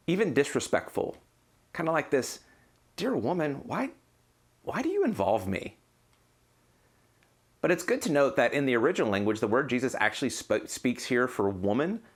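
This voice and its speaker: A man's voice: medium pitch, fairly bright tone. A man pastor preaching a sermon, earnest and explanatory, now and then acting out quotes.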